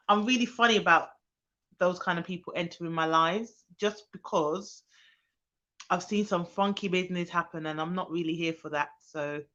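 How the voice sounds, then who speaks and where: A fairly low, slightly bright voice comes through lo-fi sound from a childcare expert hosting a live stream. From Birmingham, England, she chats casually, greets viewers by name, and fills pauses with frequent ums.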